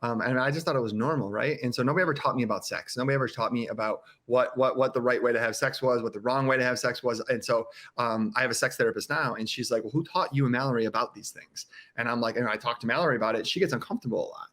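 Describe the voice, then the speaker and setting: Earnest man sharing candidly, halting. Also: mid-range voice, fairly bright tone. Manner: earnest, halting, many restarts, acts out quotes. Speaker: podcast guest.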